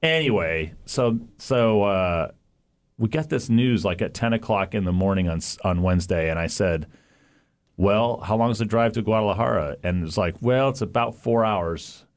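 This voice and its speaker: A man's voice: on the low side, lively intonation, normal speed. American guy cohosting a podcast, rambly, keeps laughing and doing little voices for people in his story. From United States. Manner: rambling, laughs often, acts out quotes. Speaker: podcast co-host. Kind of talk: casual chat, storytelling.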